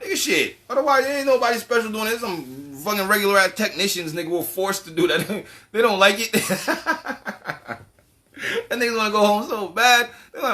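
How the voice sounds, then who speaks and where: A man's voice: high-pitched, lively intonation, normal speed, bright, forceful tone. A man giving a casual, profane monologue as a channel host, ranting animatedly and laughing often.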